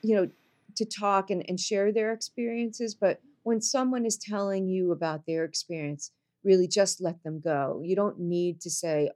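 A woman talks as a podcast guest, weighing her words out loud. She stretches out the key phrases and keeps her fillers in. Her pitch is ordinary for a woman. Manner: reflective, slows down to stress points, many fillers. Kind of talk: casual podcast conversation.

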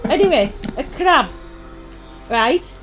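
A woman's voice: sits high, expressive, takes it slowly, a bit bright, faint music behind, exaggerated voice, low-quality recording. A woman playing a chatty Liverpool-accented mentor. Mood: earnest. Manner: rambling, hesitant, giggly. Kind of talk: in-character tabletop role-play.

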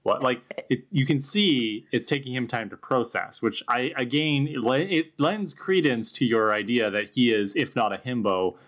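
A man's voice: medium pitch, normal speed, hardly any pauses, fairly bright tone. A man co-hosting a casual podcast, making wry, dry quips while discussing scenes. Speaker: podcast co-host. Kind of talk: casual recap chat.

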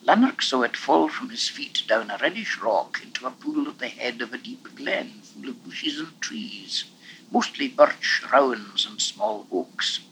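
A man narrating a novel in an expressive, measured reading voice. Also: mid-range voice, creaky, a little hiss or hum, poor audio. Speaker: audiobook reader. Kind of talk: storybook narration.

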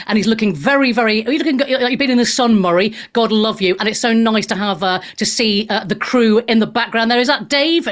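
A woman hosting a radio talk show, chatty and cheeky, laughing often and tossing off jokes. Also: fairly high pitch. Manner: bubbly, jokey, cheeky asides, laughs often.

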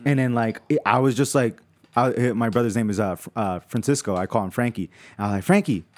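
A man from New York telling stories in a casual chat among friends, animated and full of swearing and fillers. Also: medium pitch, fast talker. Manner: animated, profane storytelling with lots of fillers. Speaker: storyteller in a group chat.

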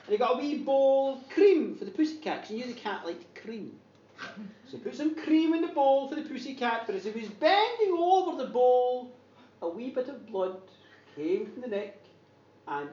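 A Scottish woman telling a comic horror story in an animated, dramatic way, often laughing. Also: high voice. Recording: echoey distant dull recording, noisy.

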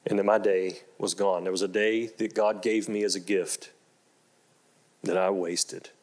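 A preaching man telling a story. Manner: shifts from slow, low storytelling to loud, excited exclamations; repeats phrases for emphasis. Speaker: pastor. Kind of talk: storytelling sermon.

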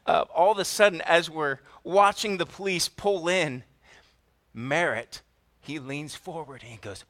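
A man preaching a sermon, telling a family story in an animated way and putting questions to the congregation. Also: fairly high pitch, unhurried. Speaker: pastor.

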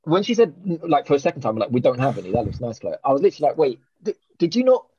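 A man, hosting a podcast and telling a long story in animated, sweary casual chat. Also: mid-range voice, rapid-fire, husky, dry recording, dull audio. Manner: animated, swears a lot, with many restarts and reported speech. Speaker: podcast host.

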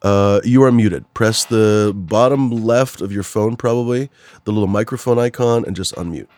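A man's voice: fairly low pitch, moderate pace, a little mellow. A man hosting a live-streamed talk show, rambling through disclaimers with swearing and a fired-up manner. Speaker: host.

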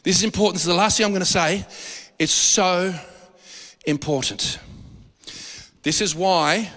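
Animated preacher in a reverberant hall. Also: male voice, sits high, normal speed. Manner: animated, jokey, asks the congregation questions. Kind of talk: sermon. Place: church hall.

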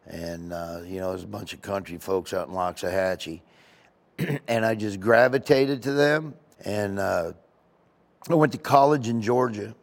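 A man's voice: on the low side, measured pace, creaky. A man, a comedian guest, telling rambling stories in a casual interview. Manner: rambling, storytelling with asides.

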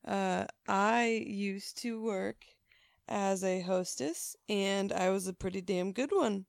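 Woman podcast co-host, casual storyteller, slow delivery, dry close sound. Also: mid-range voice, creaky, clear, resonant tone, dry recording. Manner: animated storyteller, acts out quoted voices, laughs often.

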